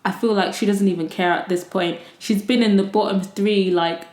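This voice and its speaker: A woman hosting a podcast and recapping a reality show episode in casual, animated chat, swearing freely. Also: mid-range voice, normal speed, roomy sound. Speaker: podcast host. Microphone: desktop USB mic.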